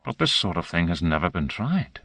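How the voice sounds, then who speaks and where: A man's voice: low-pitched, very animated, brisk, gravelly, a bit bright, dry recording, exaggerated voice. A man playing an uneasy American scientist. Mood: worried. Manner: hesitant, uneasy.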